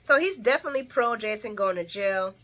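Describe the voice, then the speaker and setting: Woman vlogger, bright tone, fired-up casual recap, speaks straight to camera and calls viewers y'all. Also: mid-range voice, a little fast. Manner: heated, animated, profane, addresses viewers as y'all. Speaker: soap opera recap vlogger. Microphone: camera mic.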